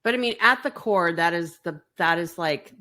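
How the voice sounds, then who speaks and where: A woman's voice: on the low side, moderate pace. A woman hosting a podcast, chatting and affirming her guest. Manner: warm, affirming listener. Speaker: podcast host. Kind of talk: conversational interview.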